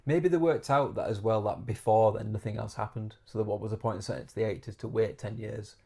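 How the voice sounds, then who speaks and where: Cohost guy, gravelly voice, lots of teasing questions and dry little asides. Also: fairly low pitch, fairly even intonation, fast, a little mellow. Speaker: podcast co-host. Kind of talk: casual chat.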